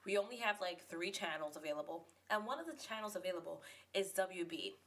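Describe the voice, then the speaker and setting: A woman's voice: on the low side, lively intonation, brisk, a bit bright. A young woman from New York City hosting a podcast in a chatty, rambling, playful monologue. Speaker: podcast host.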